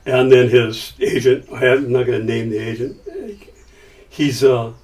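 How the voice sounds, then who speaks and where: A man's voice: mid-range voice, normal speed, distant mic. Older man telling a story. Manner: lively, acts out quotes in his stories. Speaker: podcast guest. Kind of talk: casual storytelling.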